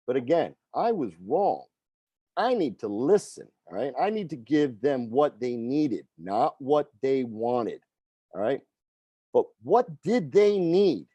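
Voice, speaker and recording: A man's voice: mid-range voice, big pitch swings, slow pace, dark tone, breathy edge, no echo, muffled recording. A middle-aged man, a fitness coach, telling a personal story in a conversational way and often tagging sentences with "right?" and "okay?". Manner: conversational, frequent tag questions.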